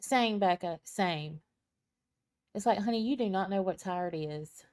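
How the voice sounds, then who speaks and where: A tired woman hosting a casual live stream from her computer at home, chatting slowly and unhurriedly with her viewers. She greets people by name, laughs easily and fills her pauses with ums. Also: medium pitch, darkish tone. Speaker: live-stream tarot reader. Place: at home at her computer with a small fan running. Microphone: computer mic.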